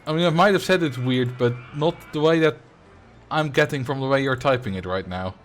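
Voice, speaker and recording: A man's voice: medium pitch, fairly quick, slight background noise. A man with a Dutch accent whose first language is Dutch, chatting casually on a game livestream and replying to chat, laughing easily and often restarting his sentences. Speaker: game streamer.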